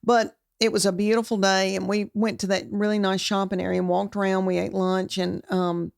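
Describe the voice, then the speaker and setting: Woman, Southern American accent, folksy storyteller, gravelly, dry close sound. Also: mid-range voice, flat delivery, brisk, no echo. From Tennessee. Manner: folksy, storytelling, playful quoted voices. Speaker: comedian guest. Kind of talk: casual storytelling chat.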